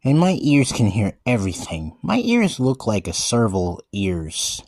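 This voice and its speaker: An earnest man delivers a slow, in-character monologue, his pitch swinging lively up and down. He stumbles and restarts words as he keeps calling out to everyone. The sound is dry and close, with no room around it. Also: no echo. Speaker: vlogger describing himself as a wildcat.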